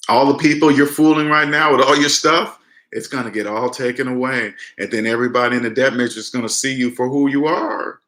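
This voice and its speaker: A man's voice: medium pitch, steady tone, a little fast, fairly bright tone. A man giving a blunt, emphatic personal finance lecture straight to his viewers, often restarting his sentences. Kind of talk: casual lecture to the camera. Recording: roomy echo.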